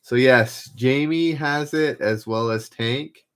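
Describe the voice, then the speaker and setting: A man hosting a live-stream trivia game, relaxed and self-deprecating, repeating each question as he reads out viewers' guesses. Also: medium pitch, slow, smooth. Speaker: trivia host.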